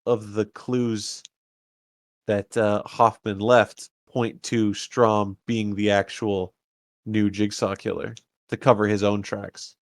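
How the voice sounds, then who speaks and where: A man's voice: on the low side, little pitch movement, slow, no echo, studio quality. A man co-hosting a casual podcast, recapping a horror film with wry, opinionated comments. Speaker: podcast co-host. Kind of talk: casual movie-review chat.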